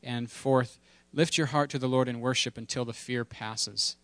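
A man's voice: medium pitch, steady tone, moderate pace, fairly bright tone, no room sound. A man preaching a sermon in a conversational, humorous way, with playful asides and emphatic repetition. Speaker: pastor.

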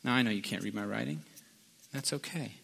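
A man's voice: mid-range voice, brisk, vocal fry, a bit bright, slight background noise. A middle-aged man preaching a sermon, telling a joke and reading scripture in a loose, conversational way with plenty of fillers. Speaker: pastor.

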